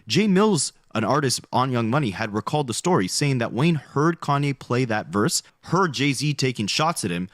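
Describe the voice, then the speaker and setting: A man's voice: mid-range voice, big pitch swings, no room sound, studio quality. A man narrating a scripted commentary video, laying out his points one by one. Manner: brisk, explanatory, listing points.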